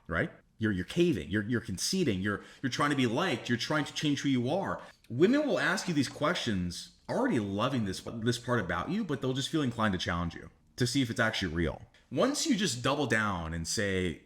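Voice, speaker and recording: A man's voice: mid-range voice, big pitch swings, a little fast, few pauses, fairly bright tone. A man giving blunt dating advice straight to camera as a coach, swearing casually and acting out both sides of conversations. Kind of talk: direct-to-camera advice monologue.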